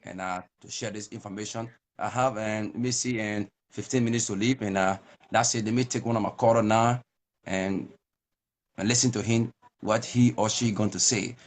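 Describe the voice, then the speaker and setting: A man's voice: on the low side, steady tone, normal speed. A man with a Liberian accent hosting a live call-in show, thanking callers in a friendly, informal way. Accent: Liberian English. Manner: warm brotherly thanks, informal. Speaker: talk show host.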